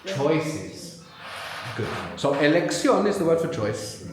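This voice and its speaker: A man's voice: fairly high pitch, very animated, slow pace, background noise. Man teaching in a very echoey hall. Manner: patient, questioning, prompts learners step by step. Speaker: language teacher. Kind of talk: live language workshop teaching. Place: large live venue with audience.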